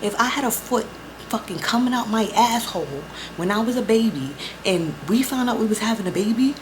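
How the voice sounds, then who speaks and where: A woman's voice: a little high, moderate pace. Young woman vlogger going off about her story, cussing a lot, acts out every convo, some background noise. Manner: profane, animated storytelling with quoted back-and-forth. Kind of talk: casual storytime chat.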